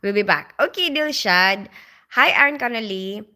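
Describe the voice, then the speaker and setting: A woman raised in the Philippines talks casually to her live-stream audience. Her voice is bright and forward, and she meanders through thoughts with plenty of fillers, stopping to greet viewers. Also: medium pitch, lively intonation, moderate pace. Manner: rambling, filler-heavy, greets viewers by name. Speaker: livestream host.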